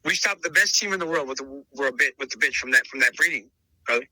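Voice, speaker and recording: A man's voice: medium pitch, fast talker, bright, forceful tone, dry recording, rough recording. A man telling stories about his breeding dogs in a podcast interview, often repeating and restarting words and calling the listener bro and brother. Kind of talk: animated storytelling in conversation.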